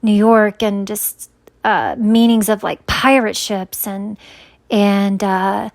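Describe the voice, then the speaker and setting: A woman's voice: medium pitch, fairly even intonation, slow pace, gravelly, a little mellow. A woman telling a personal story in a casual, rambling way, full of fillers and restarts, earnest and searching for words. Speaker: vlogger sharing a dream.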